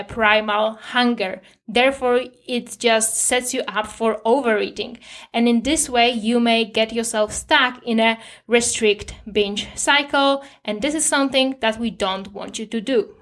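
Young female podcast host, slightly high voice; calm, reassuring solo delivery of advice.

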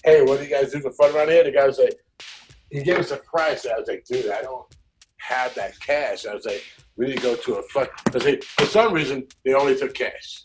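A man's voice: medium pitch, a little fast, noisy background. A man joking and chiming in during casual chat, swearing freely.

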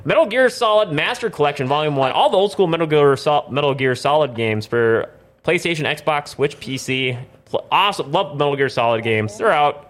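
A man's voice: a little high, expressive, fairly quick, a bit bright. A man from North Dakota hosting a casual gaming podcast, rattling off new game releases in a playful, rambling way. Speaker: podcast host. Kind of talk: casual chat, news rundown.

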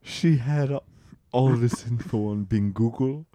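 A man performing an improvised comedy scene in a pompous, drawn-out manner. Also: mid-range voice, dark tone, no room sound.

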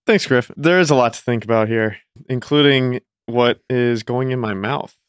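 A man's voice: medium pitch, normal speed, clean tone, no echo, studio quality. A man player in casual, wry banter at a tabletop game podcast.

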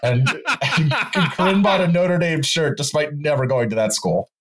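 Dude co-hosting a podcast, chatty, dry little quips. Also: male voice, fairly high pitch, lively intonation, normal speed. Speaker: podcast co-host. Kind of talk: casual podcast banter.

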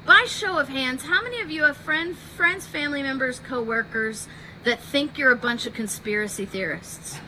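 A woman podcast host telling a history story in an animated way, acting out the quotes. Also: high voice, moderate pace, noisy background.

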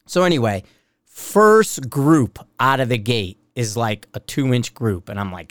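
A man's voice: medium pitch, lively intonation, unhurried, dry recording. A man hosting a podcast as a shooting instructor, talking in a blunt, rambling, profane way. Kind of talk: casual rambling podcast monologue.

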